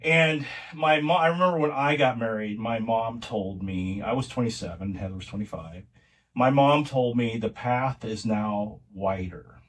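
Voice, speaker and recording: A man's voice: mid-range voice, normal speed, fairly bright tone, distant mic. A middle-aged man, a podcast guest, telling family stories in a casual, rambling way with many restarts. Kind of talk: casual conversational storytelling.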